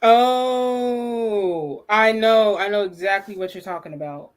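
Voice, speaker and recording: A woman co-hosting a live watch party, talking in an excitable casual way with lots of fillers. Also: mid-range voice, slow. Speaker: livestream co-host.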